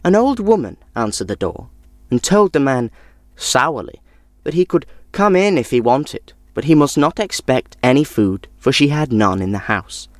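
An expressive storyteller reads a folk tale aloud, the voice rising and falling a great deal. The recording is dry and close. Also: medium pitch, normal speed, no echo. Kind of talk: children's story narration.

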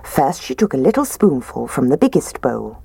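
Woman reading a bedtime story, low voice but swoops around a lot, dry close sound. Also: moderate pace, gravelly, breathy edge, no room sound. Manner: expressive, gentle.

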